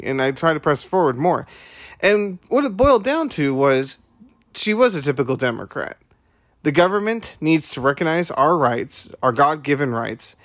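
A man's voice: a little high, fairly bright tone, no room sound. A man hosting a podcast, retelling a conversation and making his point in an emphatic, preachy way with repeated rhetorical questions. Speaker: podcast host.

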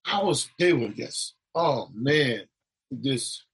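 A man's voice: medium pitch, animated, takes it slowly, gravelly, breathy edge, poor audio. A middle-aged man, a preacher, telling his vision of heaven with emotional, rising and falling storytelling.

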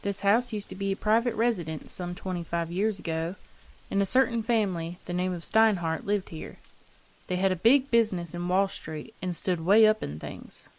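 A woman voicing a sly old landlady who talks in a slow, metallic, folksy drawl, coolly unbothered. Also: lowish voice, lightly acted. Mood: gossipy.

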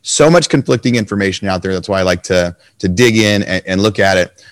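A man hosting an interview podcast, slightly hoarse, asking enthusiastic, rapid questions. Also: deep voice, no echo. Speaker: podcast host. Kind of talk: conversational interview.

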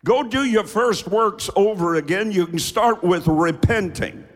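A man preaching a fiery sermon from the pulpit, dropping to low asides and rising to shouted refrains. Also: a little slow. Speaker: pastor. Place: church sanctuary with reverb. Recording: hall reverb from a large church.

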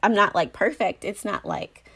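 A young adult woman shares her thoughts in a relaxed, heartfelt monologue. She talks earnestly and loosely, circling back on herself with plenty of fillers. Her voice sits at an ordinary middle pitch. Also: normal speed, slightly rough. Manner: earnest, rambling, many "like" and "um" fillers. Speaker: Christian speaker sharing faith reflections.

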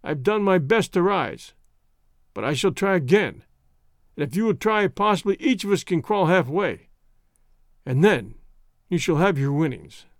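A man voicing a weak, dying Englishman who speaks slowly and formally in an audio story. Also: sits high, very animated, dry recording, clean studio sound, exaggerated voice. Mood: weary.

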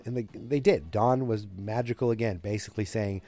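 A man's voice: on the low side, a little fast, hardly any pauses, mellow, faint music behind. A man casually recapping an episode, rambling with fillers and self-corrections. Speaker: show recap host.

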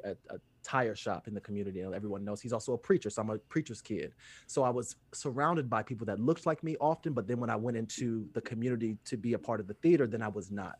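A man in his thirties from Indiana, a theater actor answering interview questions in a measured, reflective way with frequent pauses and fillers. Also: on the low side, no echo. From Fort Wayne, Indiana, US. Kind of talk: interview conversation.

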